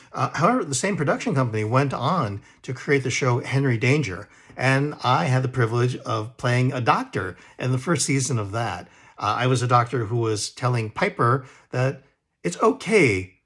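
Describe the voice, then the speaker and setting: A man's voice: mid-range voice, gravelly, a bit bright. A male actor talking casually to camera and looking back on old roles, rambling and poking fun at himself. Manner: self-deprecating and rambling. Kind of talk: casual talk to camera, reminiscing.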